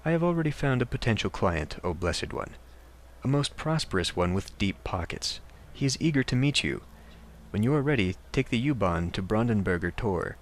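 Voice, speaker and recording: Guy reading out a smooth greedy fixer, all flattery, kinda low, hiss of noise behind. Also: moderate pace, lightly acted. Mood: flattering. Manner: ornate, flattering speech.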